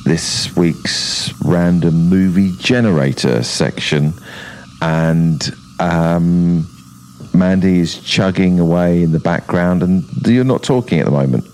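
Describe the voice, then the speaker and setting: A man co-hosting a casual podcast chat, with dry, deadpan teasing. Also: low-pitched, slow pace. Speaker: podcast co-host.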